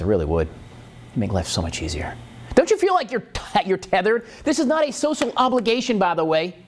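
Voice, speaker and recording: A middle-aged man hosts a morning show in a loose, joking monologue. His pitch is a little high for a man and swings widely as he rambles. He drifts into goofy voices now and then. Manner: jokey, rambling, slips into silly voices. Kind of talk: casual comedic monologue.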